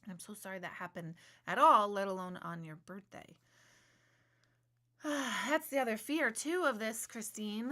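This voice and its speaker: A woman in her forties, an intuitive medium, hosts a live stream and chats casually with viewers. Her medium-pitched voice has a sharp tone. She rambles, jokes at her own expense, and searches for words as she goes.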